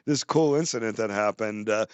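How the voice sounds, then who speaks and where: A man's voice: on the low side, normal speed, smooth, no echo. A man with an average voice hosts a casual podcast, rambling loosely with plenty of fillers. His audio sounds dull and a bit lo-fi. It is also dry, with no room sound. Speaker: podcast host.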